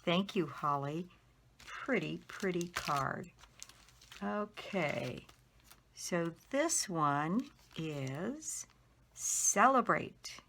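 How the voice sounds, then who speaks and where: Taking her time, a middle-aged woman from Colorado with a slightly low, gravelly voice shows off a stack of handmade greeting cards in a casual show-and-tell, admiring each one and spelling out its maker letter by letter. She demonstrates card-making in an animated, fairly bright tone, drawing out her words, with slight background noise.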